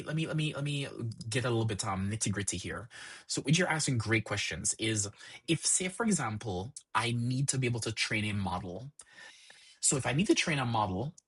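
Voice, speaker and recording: A man's voice: medium pitch, fairly bright tone, breathy edge. A man hosting a live-streamed lesson, explaining with examples and answering chat questions in a rambling way, often repeating "actually" and "so".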